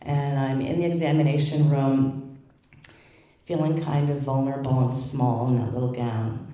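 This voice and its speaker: Low-voiced woman doing wry stand-up. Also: moderate pace. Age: middle-aged. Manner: wry, self-mocking storytelling with deadpan punchlines. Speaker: stand-up comedian. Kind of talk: stand-up comedy routine. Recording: echoey stage heard from a distance.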